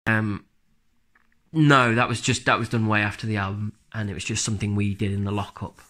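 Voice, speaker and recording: A man from England with a Black Country accent, a band drummer chatting casually in an interview in a relaxed, rambling, plain-spoken way, speaking quietly and close to the mic. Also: lowish voice, a little fast. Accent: Black Country English.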